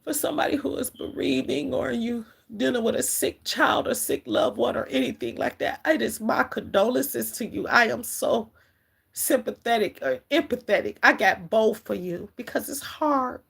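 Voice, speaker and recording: A middle-aged woman gives an emotional, halting spiritual message on a livestream, often calling her viewers "collective.". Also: on the high side, vocal fry, a bit bright, husky. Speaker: spiritual reader.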